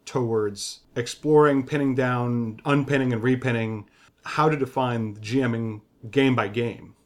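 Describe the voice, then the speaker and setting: A man's voice: medium pitch, fairly even intonation, measured pace. A man co-hosting a podcast about game design, talking through his ideas with many restarts and self-corrections. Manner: thinking aloud, frequent restarts and self-corrections. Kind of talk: casual design discussion.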